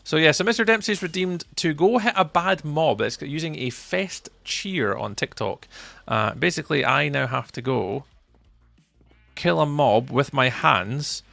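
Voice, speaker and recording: A man's voice: medium pitch, vocal fry, fairly bright tone, no room sound. A Scottish man live-streaming a game, chatting with viewers and muttering to himself as he plays. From Scotland. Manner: chatty, answers chat readers by name, mutters to himself while playing. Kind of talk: live-stream chat while gaming.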